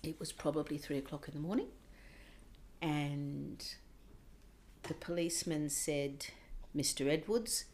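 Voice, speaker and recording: A woman recounting a painful childhood memory in an interview, intense and sometimes dropping to a hushed whisper. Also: deep voice, level tone, unhurried, long pauses. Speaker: interview guest. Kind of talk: personal storytelling.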